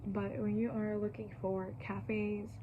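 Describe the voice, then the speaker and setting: A woman's voice: medium pitch, flat delivery, slow, narrow, tinny audio. Young woman vlogger, chatty and filler-heavy, a bit winded, dips into whispers. Faint background noise. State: slightly out of breath. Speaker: YouTuber. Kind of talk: casual how-to vlog.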